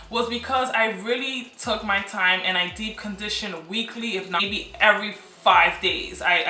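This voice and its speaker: A woman's voice: medium pitch, pushed and bright, roomy sound. A young woman in her twenties chatting enthusiastically to camera in a casual vlog from her apartment. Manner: chatty, enthusiastic, repeats phrases for emphasis. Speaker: beauty and lifestyle vlogger. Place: apartment room.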